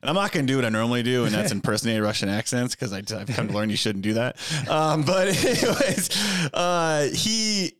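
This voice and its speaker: A man hosting a podcast who tells stories in a rambling way, full of fillers, and gets animated as he goes. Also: mid-range voice, brisk, hardly any pauses. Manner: rambling, lots of fillers, animated when telling a story. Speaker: podcast host. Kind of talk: casual podcast conversation, storytelling.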